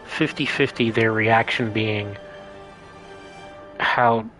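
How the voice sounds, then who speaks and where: A man's voice: lowish voice, fairly even intonation, unhurried, fairly bright tone, soft background music. A man hosting a casual let's play, rambling and explaining his choices as he thinks aloud. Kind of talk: casual gameplay commentary.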